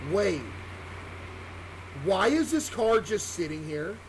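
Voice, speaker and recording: A man streaming a horror game, excitable and stammering as he talks to his chat. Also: high voice, slow, slight background noise. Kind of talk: live horror gameplay commentary.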